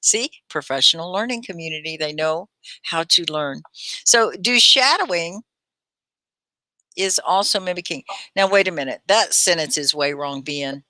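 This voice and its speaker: Bright-voiced woman hosting an English lesson. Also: fairly low pitch, moderate pace, dry recording. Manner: lively, playful, corrects learners' grammar directly. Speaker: ESL teacher and livestream host. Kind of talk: live online English lesson chat.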